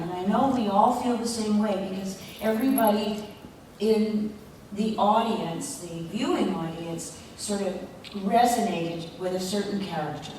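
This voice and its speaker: A woman voice actor speaking on a convention panel, reflective and halting, with pauses and fillers. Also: mid-range voice, warm tone, slight background noise. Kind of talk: panel talk. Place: large convention hall. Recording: echoey hall, mic far off.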